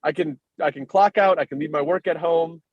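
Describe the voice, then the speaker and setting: Male podcast host, relaxed conversational delivery with a higher-pitched voice, recorded dry and close. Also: no echo, dull audio. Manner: quick casual talker, fills with "like". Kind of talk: casual chat.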